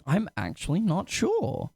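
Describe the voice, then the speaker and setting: A young man streaming a game live, chatting to his viewers in a rambling, excitable, self-mocking way. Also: high voice, unhurried, soft background music. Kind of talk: casual gaming livestream chat.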